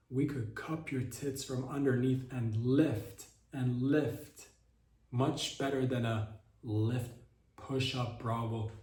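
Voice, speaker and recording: A man hosting a podcast, riffing through a deadpan comedic monologue that mimics a mock sales pitch. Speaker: podcast host. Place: podcast studio. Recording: roomy echo, voice far from the mic.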